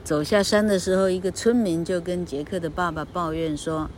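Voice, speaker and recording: A woman reading a children's storybook aloud and explaining it in a slow, expressive teaching manner. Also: fairly low pitch, slight background noise.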